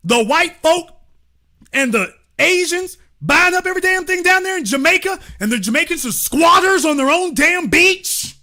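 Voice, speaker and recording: Male livestream host, high, lively pitch, emphatic and profane, talking straight to his chat. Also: normal speed. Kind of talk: livestream political commentary.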